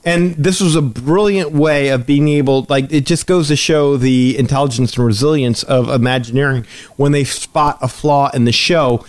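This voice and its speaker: Speaking at medium pitch and a moderate pace, a podcast host tells a story in casual chat. He animates it by energetically acting out the quotes.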